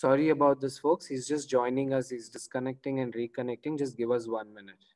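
A man's voice: mid-range voice, fairly even intonation, a little fast, darkish tone, no room sound, rough recording. A man hosting a live webinar on a video call, apologetic and reassuring while filling time. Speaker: webinar host.

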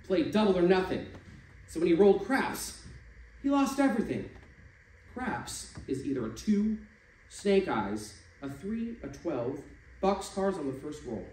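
A man reading stories aloud at a live stage event, expressive and shifting voices for the figures. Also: high-pitched, unhurried. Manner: expressive, changes voice for quoted figures. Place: stage venue. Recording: echoey room from a distance, faint noise.

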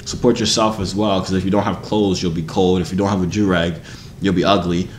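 A man's voice: sits low, fairly even intonation, brisk. Playful, teasing young man in an echoey room. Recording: echoey room, faint background hiss.

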